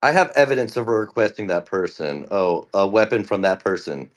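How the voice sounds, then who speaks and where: A woman plaintiff giving court testimony, rendered in a low, unvarying monotone, as a man reads her part from a transcript. The delivery stays flat and deadpan throughout. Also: fairly quick. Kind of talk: comedic court transcript reading.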